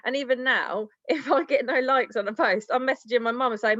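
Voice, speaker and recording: A woman's voice: high-pitched, moderate pace, fairly bright tone, dry recording. Woman, bubbly, rambling, laughs a lot, dry sound. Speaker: guest sharing sales tips. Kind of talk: casual team-call talk. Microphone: video call. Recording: dry, dull lo-fi call audio.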